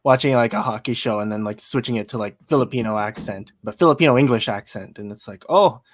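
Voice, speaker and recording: A man's voice: on the low side, fast. A man co-hosting a podcast, reading out viewer comments in casual chat, laid-back and often trailing off.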